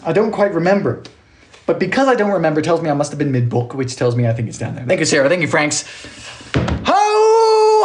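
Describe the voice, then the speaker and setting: A man hosting a live baking stream from his small home kitchen, chatting casually, joking and thanking viewers by name. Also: on the high side. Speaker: baking livestream host.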